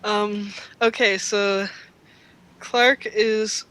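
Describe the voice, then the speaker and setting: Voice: medium pitch, level tone, very slow, bright, forceful tone, clean tone, low-quality recording. A player in a tabletop game who chats casually and keeps breaking into laughter. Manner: giggly, chatty.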